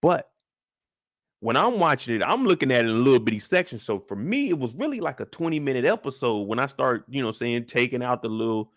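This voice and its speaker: A man's voice: mid-range voice, very animated, a little fast, fairly bright tone, dry recording, studio quality. Chatty man hosting a live stream. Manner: loose, slangy, chatty, greets chat viewers by name. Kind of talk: casual live-stream review chat.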